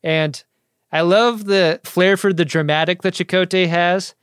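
A man's voice: high-pitched, fairly even intonation, measured pace, a bit bright, clean tone, no room sound. A man co-hosting a podcast, recapping a TV episode in casual comedic chat with a dry, joking manner. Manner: dry, joking, puts on voices for characters. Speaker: podcast co-host.

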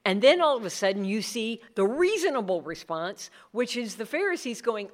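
A woman's voice: a little high, big pitch swings, normal speed, hardly any pauses. A middle-aged woman speaking earnestly to a group about leading Bible studies, acting out the people she quotes. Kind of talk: talk with audience questions.

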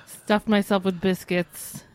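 A woman co-hosting a radio talk show at an ordinary middle pitch. She tells dry, sardonic stories in casual banter, often laughing through her sentences. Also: level tone, slow pace, smooth. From Pennsylvania. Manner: sardonic storytelling, laughs while talking. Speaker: co-host.

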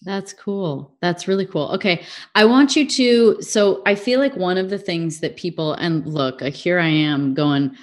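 Woman, podcast host, casual chat, lower voice, soft-spoken. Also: measured pace, hardly any pauses.

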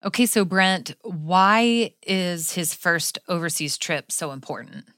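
A woman's voice: lowish voice, slow, a bit bright, dry recording, clean studio sound. A woman co-hosting a news talk show, speaking in a chatty, conversational way. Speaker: co-host. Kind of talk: casual news chat.

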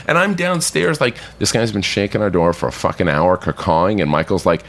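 A man's voice: mid-range voice, fast, hardly any pauses. A man, a bartender guest on a podcast, telling a rambling anecdote casually, swearing and acting out other people's lines. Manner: animated anecdote-teller, swears, acts out others' voices.

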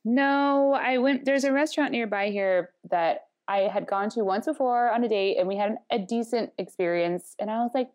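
A woman's voice: mid-range voice, animated, moderate pace, darkish tone. A woman co-hosting a podcast, telling rambling stories in a dry, wry casual chat. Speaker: podcast co-host.

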